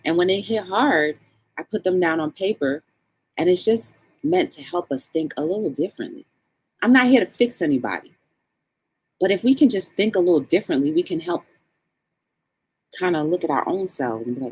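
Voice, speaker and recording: A woman's voice: sits low, normal speed, slightly rough. A woman hosting a livestream talk show, chatting casually and encouraging her viewers. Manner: animated, encouraging, greets chat viewers.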